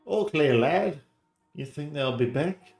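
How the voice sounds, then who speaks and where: A man voicing a brisk, bossy male army corporal. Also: on the high side, expressive, gravelly, a little mellow, roomy sound, soft background music, voice pushed up, heavily acted.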